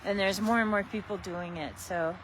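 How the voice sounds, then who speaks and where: A woman's voice: medium pitch, steady tone, moderate pace, noisy background. A woman horse trainer chatting casually on a livestream while working outdoors at a barn, easygoing and coaxing.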